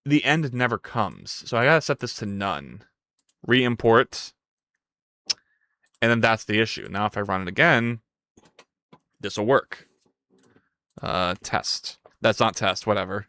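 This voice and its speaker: A live streamer thinks aloud while coding, chatting playfully with viewers between tasks and yelping and swearing whenever something breaks. The medium-pitched voice is a bit bright and a little slow, with frequent pauses and no room sound.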